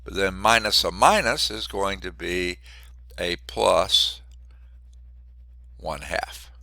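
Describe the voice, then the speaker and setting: A man teaching a math class while congested and short of breath, clearing his throat often and adding wry asides. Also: low voice, slow, bright, forceful tone, dry recording. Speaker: math instructor. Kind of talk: classroom lecture.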